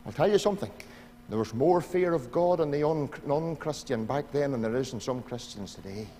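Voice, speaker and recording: A Northern Irish pastor preaching a sermon in a church, pleading with his congregation and swinging from loud appeals to hushed asides. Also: medium pitch, expressive, fairly quick, a little hiss or hum. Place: church sanctuary. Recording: church hall reverb.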